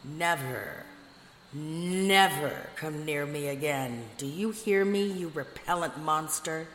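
A woman's voice: low-pitched, takes it slowly, fairly bright tone. A woman reading a storybook, voicing a proud young princess who speaks in a haughty, indignant way. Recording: echoey room with long reverb, faint noise.

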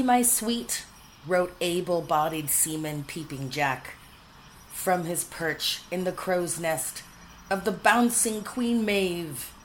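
A woman reading a storybook aloud in a playful, expressive manner. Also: lowish voice, a little hiss or hum, poor audio. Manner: playful, expressive, shifting into character voices.

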